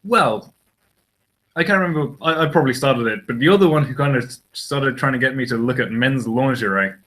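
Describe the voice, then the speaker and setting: A man's voice: medium pitch, brisk, fairly bright tone, low-quality recording. A man co-hosting a casual podcast chat, rambling and hesitant, often restarting his sentences. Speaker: podcast co-host.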